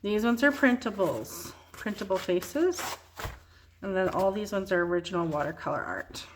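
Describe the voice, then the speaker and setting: A tired woman casually showing her artwork and journals in a vlog, talking in a relaxed, rambling way. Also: medium pitch, moderate pace, a little hiss or hum. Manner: relaxed, rambling, soft-spoken with yawns. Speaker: junk journal artist. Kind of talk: casual show-and-tell vlog.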